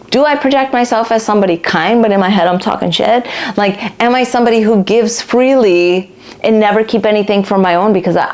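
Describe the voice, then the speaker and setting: A woman hosting a casual spiritual self-help talk, speaking candidly and chattily, swearing now and then and acting out the people she quotes. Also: mid-range voice. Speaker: podcast host.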